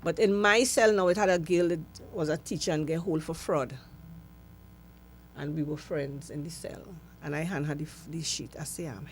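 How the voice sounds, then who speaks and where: A middle-aged woman with a Trinidadian accent, a guest in an interview, telling her story with lively acted-out dialogue. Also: low voice, moderate pace, slight background noise. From Trinidad and Tobago.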